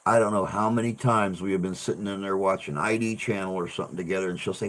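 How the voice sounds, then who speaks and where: Hosting a relaxed livestream chat, a man with a deep, steady voice talks fast with few pauses. He rambles, repeats words and restarts his sentences, dropping the occasional swear word.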